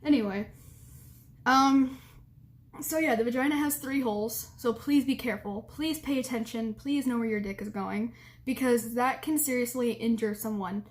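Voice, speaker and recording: A woman's voice: on the high side, normal speed. A young woman vlogger telling a story and giving advice in a frank, blunt, giggly way, with lots of "like".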